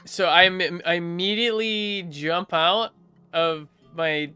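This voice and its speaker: A flustered man speaking as a player in a tabletop role-playing game, often tripping over his words. His voice is bright and forceful, and it comes across smooth and clear. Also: high-pitched, fairly even intonation, slow pace, no echo.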